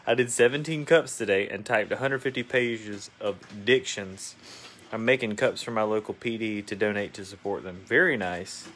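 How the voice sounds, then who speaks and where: A man's voice: fairly low pitch, normal speed, a bit bright. Casting note: man, easygoing co-host reading chat comments on a craft live stream, faint noise behind. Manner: reads comments aloud, joking. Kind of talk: casual livestream chat.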